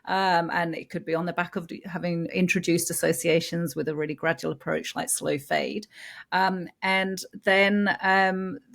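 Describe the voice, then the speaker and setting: A woman who co-hosts a podcast on baby sleep, explaining slowly and hesitantly with many filler sounds. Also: medium pitch, vocal fry, a bit bright. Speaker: infant sleep consultant co-host. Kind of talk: casual podcast chat.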